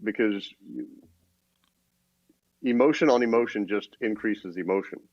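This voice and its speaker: Male co-host, lowish voice, measured and explanatory, muffled dry recording. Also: no echo. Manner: steady, explanatory, many restarts. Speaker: podcast co-host. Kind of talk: casual business talk. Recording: dull, dry lo-fi sound.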